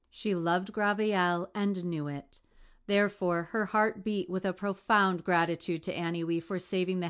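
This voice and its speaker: Woman, low-pitched, audiobook narrator, scripted storytelling, small voice shifts for quotes. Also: a bit bright, clear, resonant tone. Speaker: audiobook reader.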